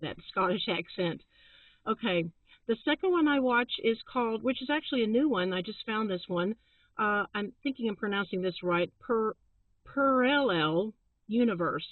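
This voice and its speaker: A woman's voice: fairly high pitch, no room sound. A middle-aged woman co-hosting a casual chat, friendly and chatty, laughing often as she recommends channels. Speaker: channel co-host. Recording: tinny, phone-like sound.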